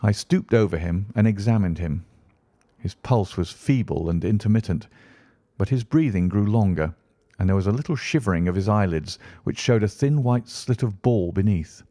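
A man narrating an audiobook in a measured, steady reading. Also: on the low side, dry recording, clean studio sound. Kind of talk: scripted narration.

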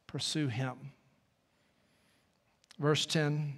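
A male pastor delivers a sermon with a slightly raised pitch and an easy, conversational style, checking in with his listeners as he goes. His voice carries through the long reverb of a church sanctuary. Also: little pitch movement, drawn-out words, gravelly, a bit bright. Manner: conversational preaching, folksy asides.

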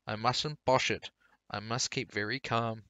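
A timid, fretful old gentleman in love, played by a man reading a storybook. He speaks at a middle pitch with a bright, forward tone. The recording is dry and close. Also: fairly even intonation, a little slow, no room sound. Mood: nervous. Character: shy, nervous older gentleman in love.

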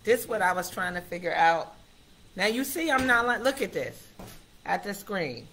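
A woman's voice: mid-range voice, moderate pace. Chatty woman hosting a live stream. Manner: chatty, excitable, talks straight to viewers. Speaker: host of a live affirmation stream. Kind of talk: casual live-stream chat.

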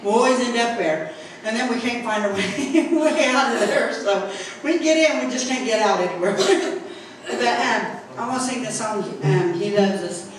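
A woman's voice: a little high, moderate pace, slight background noise. Echoey, far-off woman giving church testimony. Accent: Southern Indiana. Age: middle-aged. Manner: folksy storytelling, acts out quotes, laughs often. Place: church sanctuary.

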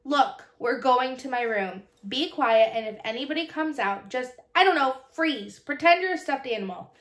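An anxious young boy speaks in a quick, urgent, high voice, as a woman reads his lines. The storybook reading has a roomy echo. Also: lively intonation, fairly bright tone.

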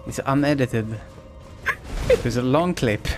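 A man's voice: medium pitch, takes it slowly. A man streaming a game live, chatting casually and joking while he plays. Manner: relaxed, joking, talks to himself while playing. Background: game music.

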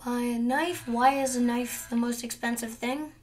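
A young woman with a somewhat high voice talks her way through a cooking game, muttering each step under her breath. She breaks off now and then for chatty asides to her viewers. A faint hiss sits under the recording. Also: fairly even intonation, normal speed, a little mellow. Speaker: gamer. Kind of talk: gameplay commentary.

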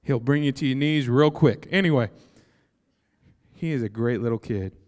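A young man preaching a sermon, animated and joking, breaking into excited shouts. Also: medium pitch, normal speed. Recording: long hall reverb.

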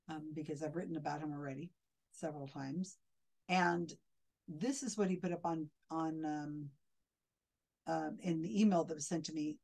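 A woman's voice: low-pitched, darkish tone, rough recording. A woman commenting critically on a video clip as a skeptic, sounding indignant and often restarting her sentences.

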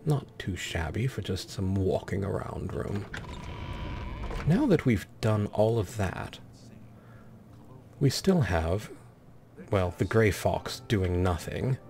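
A man narrates his gameplay in a lofty, theatrical persona, sprinkling his talk with darling and dear. His voice sits low and carries a gravelly rasp. He speaks slowly, and soft game music plays behind him. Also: animated, slight background noise. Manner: theatrical, affected and pompous, calling characters darling and dear. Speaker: let's play host. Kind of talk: gameplay commentary in a pompous persona.

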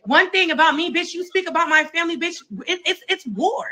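A woman with a high, bright voice rants on a livestream. She is angry and profane and keeps repeating herself. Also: fairly quick. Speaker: livestreamer in a feud. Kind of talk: heated livestream rant.

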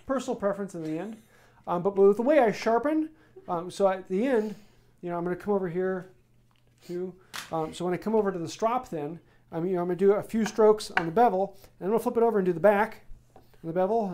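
A man hosting a live woodworking stream, answering viewer questions in a casual, rambling way with many pauses. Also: high voice. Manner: relaxed, rambling explanations with many ums. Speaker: woodworking channel host.

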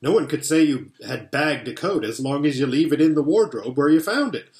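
A man voicing an eager, bossy schoolboy big brother in a storybook reading, exclaiming excitedly, in a roomy-sounding space. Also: fairly high pitch, a little fast, close to an everyday voice. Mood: earnest. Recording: roomy echo.

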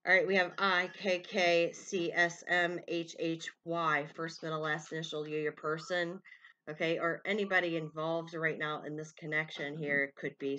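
A woman's voice: low voice, a bit bright, dull audio. A woman giving a collective tarot love reading to her viewers. She meanders, calls out names and initials as they come to her, and fills her speech with "you know" and "um". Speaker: tarot reader.

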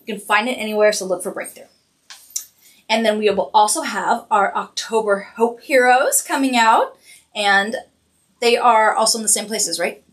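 A woman hosting a cosmetics live stream, chatty and quick to laugh. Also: medium pitch, a bit bright. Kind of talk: casual live-stream chat.

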